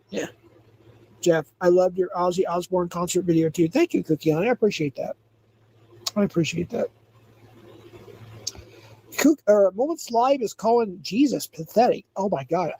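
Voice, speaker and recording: Livestream host, male, high and mellow voice, loose rambling delivery. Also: breathy edge. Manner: rambling, reads chat aloud, laughs often. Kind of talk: casual livestream chat.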